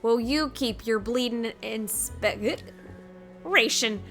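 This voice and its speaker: A woman doing a gruff, scornful blacksmith. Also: fairly high pitch, extremely slow, a bit bright, faint music behind, heavily acted. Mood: grumbling. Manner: coarse and scornful, pirate-style put-on brogue. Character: gruff, blunt male master blacksmith, hard-drinking. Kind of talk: fan voice-over of game cutscene.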